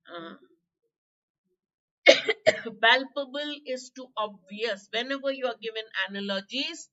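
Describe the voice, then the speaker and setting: A hoarse woman with an Indian English accent teaching a live online vocabulary class, chatty, quizzing students by name and clearing her throat. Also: a little high, sharp tone, highs cut off. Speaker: exam prep teacher.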